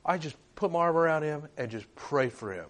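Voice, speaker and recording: A man's voice: a little high, animated, fairly quick, fairly bright tone. A male preacher telling a story in a sermon, retelling a conversation and acting out the quoted voices.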